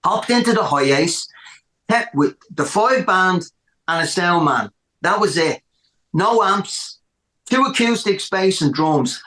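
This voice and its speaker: Animated Irish musician, echoey room. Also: male voice, sits high, takes it slowly. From Ireland. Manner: animated, repeats words for emphasis. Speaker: musician guest. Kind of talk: casual storytelling interview.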